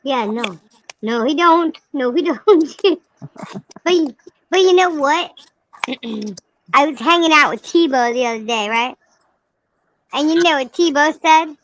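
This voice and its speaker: A woman doing a squeaky, cheeky rainbow lemur. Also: lively intonation, unhurried, pauses often, fairly bright tone, low-quality recording. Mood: rambling tale. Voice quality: squeaky, chatty, crude storyteller. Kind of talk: comic character monologue.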